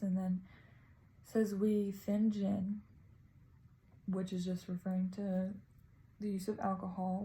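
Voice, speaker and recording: A woman casually talks through her reading of a poem like a student presenting, sounding tentative and thinking aloud. Her mid-range voice is creaky and mellow, and the poor audio carries a little hiss or hum.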